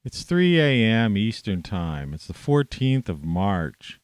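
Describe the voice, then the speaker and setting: A man ranting to camera in a rambling, profane monologue, scornful and swearing constantly, with sudden loud outbursts. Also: on the low side, sing-song, slow pace, clean tone, no room sound. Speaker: vlogger.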